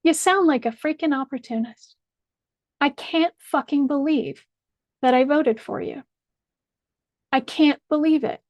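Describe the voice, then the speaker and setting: High-voiced woman, slow, furious and foul-mouthed, commentator tearing into a politician. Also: darkish tone, no room sound. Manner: angry, blunt and profane. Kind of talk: direct-address video rant.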